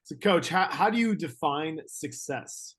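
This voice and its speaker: A man interviewer asking the guest a question in an unhurried way. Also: on the high side, lively intonation, a bit bright, breathy edge.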